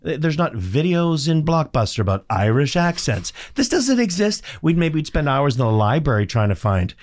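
A middle-aged man with a raspy, textured voice, chatting as a voice actor guest on an interview show and telling stories with sarcastic asides. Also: mid-range voice, normal speed. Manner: animated storyteller, sarcastic asides. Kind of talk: casual interview chat.

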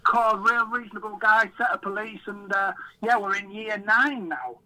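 An Englishman who owns a fishery chats as a podcast guest, his voice sitting high with a sharp tone at normal speed over poor audio. He tells rambling, self-deprecating stories full of quoted dialogue.

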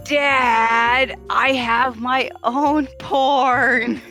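A weary, dry-voiced young woman fed up with her father, as a woman puts her on. She speaks slowly and a little high, with faint music in the background. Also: fairly even intonation, sharp tone, heavily acted. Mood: exasperated. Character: exasperated grown daughter, young woman.

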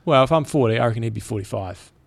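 Brief: podcast co-host, man in his forties, gravelly and dry-sounding, easygoing chat. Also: medium pitch, very fast, no room sound. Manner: easygoing, reads listener stories aloud. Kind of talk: casual chat.

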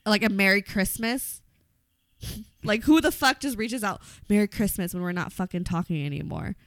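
A woman's voice: medium pitch, normal speed, no room sound. A young woman talking candidly in a casual chat, blunt and full of profanity, breaking into laughter often. Her voice sits in a middle range and sounds dry and close, with no room around it.

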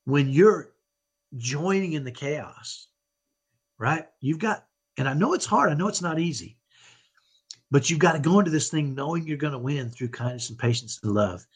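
A man's voice: on the high side, animated, fairly quick, husky. A middle-aged man giving an earnest, motivational parenting talk as a podcast guest, often checking in with "right?". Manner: earnest, tags points with "right?".

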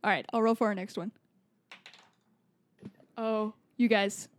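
A woman's voice: medium pitch, steady tone, a little slow. A woman hosting a casual group chat, handing out points in an upbeat game-show manner. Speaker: podcast host.

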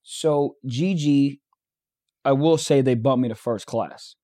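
A young man co-hosting a podcast, telling a story in casual chat, animated and profane, acting out the dialogue. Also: medium pitch, slow pace. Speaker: podcast co-host.

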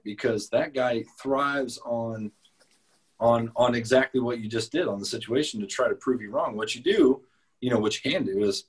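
A man's voice: mid-range voice, normal speed, husky, poor audio. A man on a podcast giving frank, emphatic advice on handling difficult personalities, with some mild profanity. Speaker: podcast host. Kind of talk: casual advice talk.

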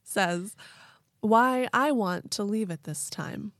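A woman co-hosting a podcast, chatting casually and making quick joking asides. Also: medium pitch, dry recording, clean studio sound. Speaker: podcast co-host. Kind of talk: casual chat.

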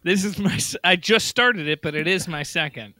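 A man's voice: sits high, moderate pace, bright, forceful tone, no echo. A man chatting as a guest on a comedy podcast, good-natured and a little flustered. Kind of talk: casual comedic banter.

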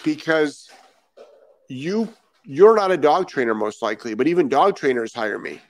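A man's voice: fairly high pitch, animated, moderate pace, no echo. A man from Rhode Island, a dog trainer hosting a live stream and reading out viewer comments, talking emphatically, repeating key phrases and asking rhetorical questions.

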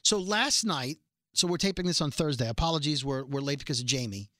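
A man's voice: a little high, animated, brisk, a bit bright, no room sound, clean studio sound. A man hosting a podcast, chatting casually in a rambling, self-correcting storytelling way. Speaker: podcast host. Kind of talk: casual chat.

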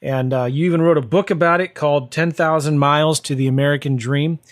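A man's voice: fairly high pitch, fairly even intonation, fairly quick. A man hosting a podcast, chatty and upbeat, promoting his book and interviewing a guest. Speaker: podcast host.

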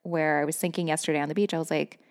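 A woman's voice: sits low, steady tone, very fast, in a large hall. A woman hosting a podcast, telling a personal story in a candid, effusive way, often laughing, swearing freely and saying "like" a lot. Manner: laughs often between phrases. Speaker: podcast host.

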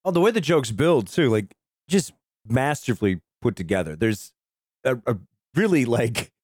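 A man co-hosting a film podcast, excitedly retelling movie scenes with lots of swearing in casual talk. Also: medium pitch, normal speed, no echo, clean studio sound. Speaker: podcast co-host.

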